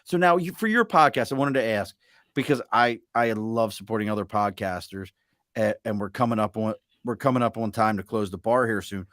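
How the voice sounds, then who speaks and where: A man's voice: lowish voice, fairly quick, fairly bright tone, no room sound, studio quality. A man hosting a podcast in casual chat, joking and self-mocking as he talks. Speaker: podcast host.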